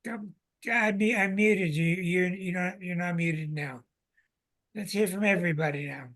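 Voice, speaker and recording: An excitable man hosting a live online astrology show. He speaks with emphatic enthusiasm and sounds a little out of breath as he presses each point to his viewers. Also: high-pitched, a little slow.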